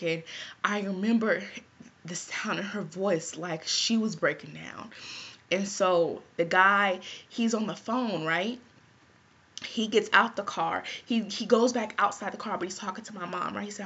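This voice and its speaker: Husky-voiced woman telling a story. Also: on the low side, moderate pace, sharp tone. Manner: chatty, talks to viewers, often asks "right?". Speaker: vlogger. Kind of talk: casual personal storytelling. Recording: dull lo-fi recording.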